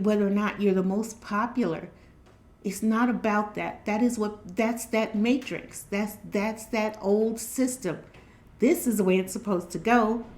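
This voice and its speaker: A woman's voice: medium pitch, mellow. Woman, spiritual reader, earnest motivational talk, repeats herself for emphasis. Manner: earnest, repetitive, preachy.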